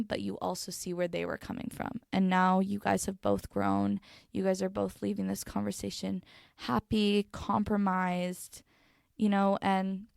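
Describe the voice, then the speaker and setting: A young woman talking casually and reflectively to her viewers, calm and mellow, with lots of "like" and "um.". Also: mid-range voice, creaky, no room sound, studio quality. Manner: casual, rambling, heavy filler words. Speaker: video host. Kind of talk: personal reflective talk.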